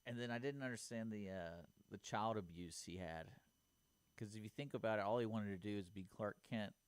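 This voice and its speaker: A man co-hosts a radio talk show, teasing his partner and telling loose stories. His voice is fairly low. It was recorded close and dry in a studio. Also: fairly quick, clear, resonant tone, no room sound. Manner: teasing, joking banter. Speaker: radio co-host. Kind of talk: casual on-air chat.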